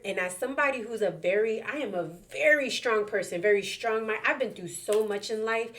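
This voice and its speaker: A young adult woman telling a personal story casually to camera, animated and chatty, with many fillers and repeated words. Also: medium pitch. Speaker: vlogger sharing a personal story.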